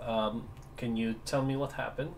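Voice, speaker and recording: A man's voice: mid-range voice, fairly even intonation, normal speed, vocal fry, slight background noise, natural voice. A man playing an earnest female peace officer in a tabletop game, speaking politely and formally. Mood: courteous.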